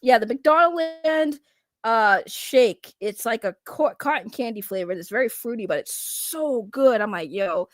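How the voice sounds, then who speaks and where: A woman with a Boston accent hosting a casual livestream, loud and laughing, swearing as she talks to her chat. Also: on the high side, expressive, normal speed, no echo. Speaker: livestream host.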